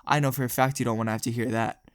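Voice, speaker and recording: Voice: medium pitch, steady tone, rapid-fire, clean tone, dry recording, close to an everyday voice. A man voicing a wry school chaperone who delivers a dry joke. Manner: dry, joking.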